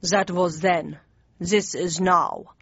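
Voicing an audiobook character, a woman speaks in a lowish register as an old, hot-tempered male German chancellor, pompous and blustering, his formal language stiff and jumbled. The read is slow, heavy and deliberate, dry and slightly dull, with no room sound.

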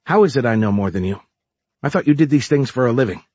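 A man's voice: mid-range voice, animated, quick pace, husky, no echo, pitched above the performer's own voice. A man voicing a blunt, scornful woman. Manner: sharp, challenging retorts.

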